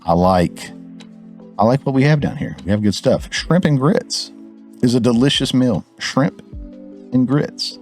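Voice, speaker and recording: A man from Georgia, hosting a show and ranting in an animated way straight to his viewers. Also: medium pitch, unhurried, soft background music. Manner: animated, fired-up, talks to viewers directly. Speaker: show host. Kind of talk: ranting commentary.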